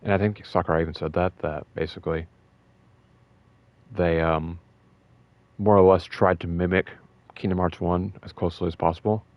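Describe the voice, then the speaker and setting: A young man talking in a casual, rambling way about a fighting game, emotional and excited, with many fillers and restarts. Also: low-pitched, moderate pace, long pauses, dry recording, muffled recording. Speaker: gaming video host.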